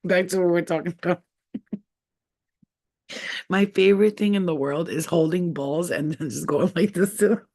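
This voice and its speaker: A woman's voice: on the low side, moderate pace, pauses often, darkish tone. A woman hosting a casual live stream from home, talking in a rambling, profane and giggly way. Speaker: channel host.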